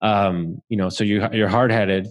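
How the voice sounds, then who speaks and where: Low-voiced man from Southeast Texas. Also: fairly even intonation, a little slow, muffled recording. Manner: swears freely, laughs through his story. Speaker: podcast guest. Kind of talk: casual storytelling.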